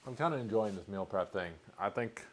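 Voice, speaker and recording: A man's voice: fairly low pitch, expressive, fairly quick, slight background noise. A man chatting casually in his home kitchen while he cooks, joking and rambling with mock confidence and poking fun at himself. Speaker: home cook vlogger. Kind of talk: casual cooking vlog.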